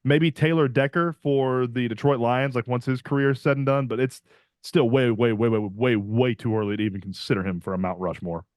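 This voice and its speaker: A man's voice: medium pitch, brisk, dry recording, clean studio sound. A young man co-hosting a podcast, chatting eagerly about football and saying "like" a lot. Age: young adult. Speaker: podcast co-host. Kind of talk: casual sports chat.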